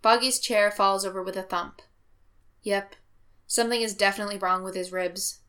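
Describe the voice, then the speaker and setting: Woman narrator, bright and expressive, reads fiction aloud. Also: mid-range voice, fast talker. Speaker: reader. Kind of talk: audiobook narration of fan fiction.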